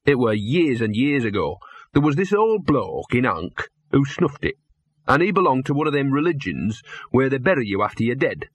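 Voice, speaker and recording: A scruffy streetwise talking dog from a storybook, put on by a male narrator, with a husky, drawling, sardonic working-class way of talking. He sounds dry and close, his grumbling voice raised a little above the narrator's own. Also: medium pitch, very animated, normal speed, no echo. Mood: boastful.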